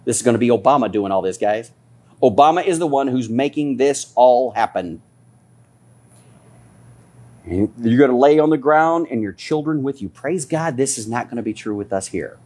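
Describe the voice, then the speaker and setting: A male pastor delivers a fiery sermon and scolds his listeners with rising passion. His voice is husky and a little breathy, and it sits at an ordinary male pitch before it climbs. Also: lively intonation, moderate pace, a little mellow.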